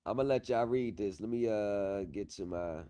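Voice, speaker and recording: A man with a lowish, mellow voice speaks at normal speed on his casual livestream about pro se legal help, using a streaming setup mic. Confident yet repetitive, he tends to drift off mid-thought while handling his screen.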